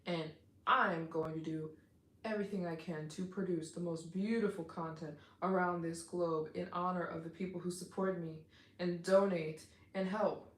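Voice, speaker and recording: A woman hosting a casual live stream as a travel vlogger, talking to her viewers in an effusive, excitable way with lots of "like.". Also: fairly low pitch, moderate pace, reverberant. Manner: effusive and excitable, heavy use of "like".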